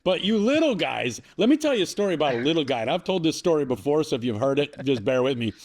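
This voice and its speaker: A man's voice: fairly high pitch, very animated, quick pace. A man guesting on a podcast, telling long rambling stories full of swearing and laughter. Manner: rambling, profane storyteller who laughs often. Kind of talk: casual podcast chat.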